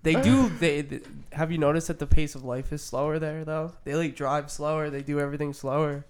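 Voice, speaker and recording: A man's voice: a little high, fairly even intonation, fairly quick, clean tone. A young man from New Jersey co-hosting a podcast, teasing and contradicting his friends in casual banter. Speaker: podcast co-host.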